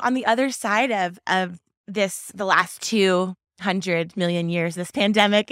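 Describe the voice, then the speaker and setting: A woman hosts a podcast in an upbeat, chatty way. Her voice sits at an ordinary pitch. The sound is dry and close. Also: fairly bright tone, dry recording. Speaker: podcast host. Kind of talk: casual interview chat.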